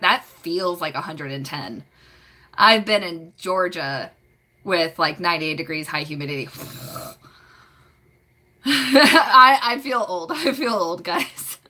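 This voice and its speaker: Late-20s girl rambling on a livestream, giggly, lots of um and like, bright voice. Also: mid-range voice. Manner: rambling and giggly, full of fillers. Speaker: live stream host. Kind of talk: casual live chat.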